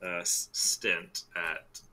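A low-voiced man playing a tabletop game, speaking casually and hesitantly. His tone is very bright and edgy despite the low pitch. He pauses often with fillers while he works out what to say. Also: flat delivery, slight background noise. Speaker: player. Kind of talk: casual tabletop role-play.

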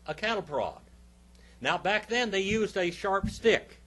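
A man's voice: high voice, animated, measured pace, bright, forceful tone. A male pastor teaching a Bible class, emphatic, stopping often to quiz his listeners with questions.

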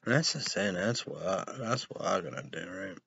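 A man's voice: lowish voice, sing-song, moderate pace, vocal fry, fairly bright tone, husky, no room sound. A young man hosting a casual show, reading news headlines aloud and rambling about them, spelling names letter by letter. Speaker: show host. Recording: dull lo-fi recording.

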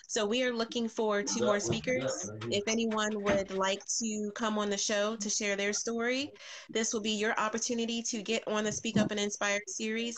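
A woman hosting a live podcast stream, greeting viewers by name and making announcements with frequent ums. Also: medium pitch. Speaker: podcast host.

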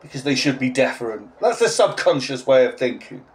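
A man's voice: on the high side, big pitch swings, normal speed, hardly any pauses, a little hiss or hum. A man in his forties, a language teacher, ranting in a blunt, sarcastic vlog monologue with an English accent. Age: 40s.

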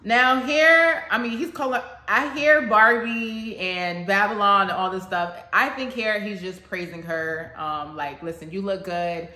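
A woman's voice: medium pitch, measured pace, few pauses, pushed and bright, roomy sound, faint music behind. A woman casually explaining song lyrics to her channel's viewers, chatty and thinking aloud as she goes.

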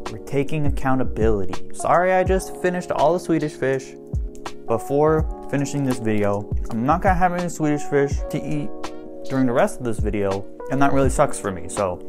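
A young man doing casual reaction commentary in a sarcastic, blunt and profane way. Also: medium pitch. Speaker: YouTube commentator.

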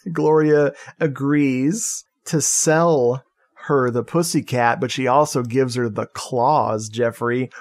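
A man's voice: mid-range voice, steady tone, slow. A man co-hosting a podcast, recapping a movie plot in casual chat, jokey and profane, laughing often. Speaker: podcast co-host.

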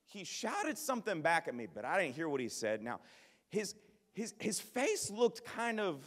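A man preaching a sermon, telling a personal story in an animated, joking, self-deprecating manner. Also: high-pitched, normal speed. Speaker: pastor. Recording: long reverb of a large hall.

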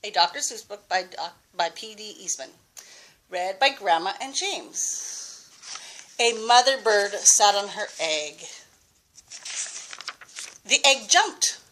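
An older woman reading a picture book aloud to a child, patient and expressive, stopping to ask questions. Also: medium pitch, slow pace, long pauses.

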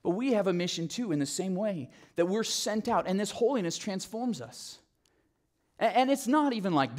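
A man preaching with a slightly higher voice, lively and animated as he tells the story. He drops to quiet, low emphasis on the phrases that matter. His talk has the flow of a pastor's sermon. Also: normal speed. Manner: animated storytelling, acting out quotes.

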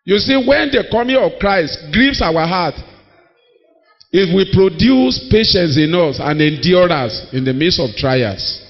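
A man preaches in a high voice, telling stories and acting out the people in them with emphatic delivery. The sound is muffled and lo-fi, and a long reverb trails after every phrase as it fills a large church hall. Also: animated, unhurried, soft background music. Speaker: pastor. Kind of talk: sermon.

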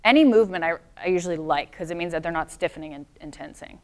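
Smooth-voiced woman teaching a dog seminar. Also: lowish voice, fast. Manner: friendly, explanatory, answers audience comments. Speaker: dog trainer. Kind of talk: presenting a live seminar.

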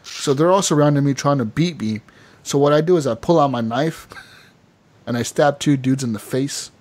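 A man co-hosting a gaming podcast, telling a long story in a loose, animated way, full of fillers and quoted voices. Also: medium pitch, normal speed. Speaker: podcast co-host. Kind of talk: casual gaming podcast chat.

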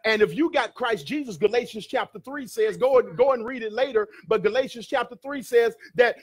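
Male pastor, high-pitched voice, sermon in a church with call-and-response. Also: a little fast, few pauses, breathy edge. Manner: preaching with call-and-response, building to shouts. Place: church sanctuary.

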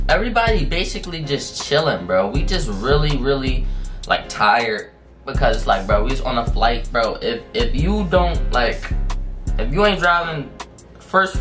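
A man casually telling a story on his vlog in slangy, profane speech, full of fillers and drawn-out phrases. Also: on the high side. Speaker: storytime vlogger. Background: music in the background.

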